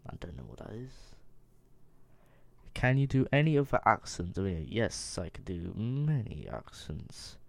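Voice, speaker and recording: A man's voice: fairly low pitch, very animated, unhurried, gravelly, no room sound. A young man casually reading questions aloud and answering them himself in an offhand, mumbling way. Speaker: vlogger. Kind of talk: casual Q&A vlog.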